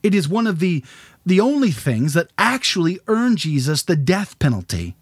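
A man's voice: high voice, sing-song, normal speed, breathy edge, dry recording. A man giving a religious lecture, building up with rhetorical questions and dramatic phrasing.

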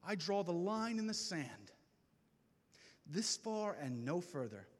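High-pitched impassioned male preacher in a hall. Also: very animated. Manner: impassioned, preacherly with slow dramatic pauses. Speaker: speaker at a men's gathering. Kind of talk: testimony sermon. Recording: reverberant hall.

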